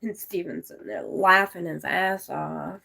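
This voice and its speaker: A woman's voice: on the low side, measured pace, vocal fry, pushed and bright. A woman in her forties from the United States, chatting casually on a live stream, rambling through stories and answering viewers' comments. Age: 40s.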